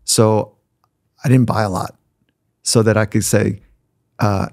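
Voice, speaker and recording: A middle-aged man, a podcast guest, candidly telling animated stories with some swearing. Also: fairly low pitch, slow pace, no echo, clean studio sound. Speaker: podcast guest, sport psychologist. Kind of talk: storytelling conversation.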